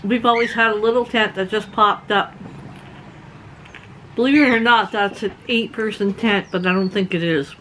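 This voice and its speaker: A chatty woman from Canada recounts her own stories in a relaxed, conversational way. Her voice sits in a middle range, and she breaks into laughter often. There is a faint hum of noise behind her. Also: moderate pace. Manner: chatty, laughs often, acts out quotes in a higher voice. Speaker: vlogger. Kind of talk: casual storytelling.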